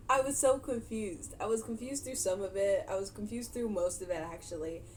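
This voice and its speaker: A woman's voice: mid-range voice, moderate pace, a little hiss or hum. A young woman casually recapping a movie for her vlog, chatty and giggly, animating her retelling. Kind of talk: casual chat.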